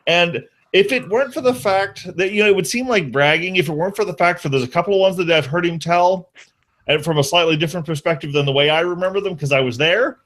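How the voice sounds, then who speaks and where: A man's voice: high voice, fast talker, fairly bright tone. A man chatting casually who stammers and restarts his sentences and laughs easily. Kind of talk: casual chat.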